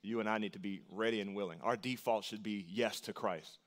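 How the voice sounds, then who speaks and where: A man preaching a sermon as pastor, earnest and emphatic, repeating short phrases for weight and jumping up in pitch on key lines. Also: fairly even intonation, a little fast.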